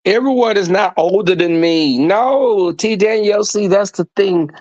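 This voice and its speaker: A man hosting a livestream, telling stories to his viewers in an animated, profane way and acting out the voices in them. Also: sits high, a little slow, no room sound, lo-fi sound. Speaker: livestream host reading chat. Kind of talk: casual storytelling to viewers.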